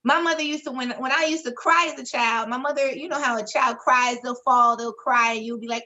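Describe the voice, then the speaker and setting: A woman, co-hosting a podcast and telling a candid story in a frank, expressive way, swearing freely and acting out the voices she quotes. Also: a little high, a little fast, hardly any pauses, lo-fi sound. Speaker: podcast co-host.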